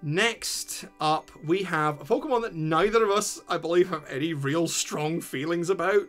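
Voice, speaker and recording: A man co-hosting a casual livestream, joking quickly and swearing casually. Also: on the high side, a bit bright, faint music behind. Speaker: co-host.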